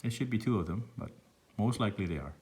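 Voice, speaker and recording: Deep-voiced math teacher with thick Lao accent. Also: male voice, lively intonation, quick pace, a little mellow. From Laos. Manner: thinking aloud, meandering, self-deprecating asides. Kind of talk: recorded online math lesson.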